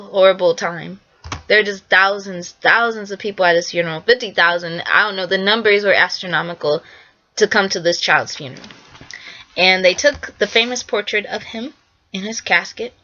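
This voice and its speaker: A woman's voice: medium pitch, sharp tone, highs cut off. A young woman artist giving a casual, earnest spoken presentation, repeating herself for emphasis and often acting out quotes. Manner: earnest, repetitive, acts out quotes. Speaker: artist presenting her work.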